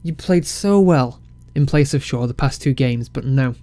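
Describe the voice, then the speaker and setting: A man casually commentating his football management game, excitable and self-mocking. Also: mid-range voice, normal speed, no echo. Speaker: game let's-play creator.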